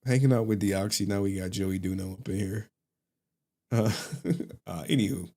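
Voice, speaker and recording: A man with a fairly low voice chats loosely on his livestream, cursing freely and breaking into laughs. His talk is casual, joking and profane. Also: normal speed, warm tone. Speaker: livestream host.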